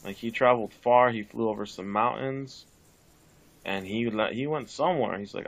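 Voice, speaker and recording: A man's voice: medium pitch, moderate pace. A man who is a guest on a podcast, retelling a story in loose casual chat full of "like" and swearing.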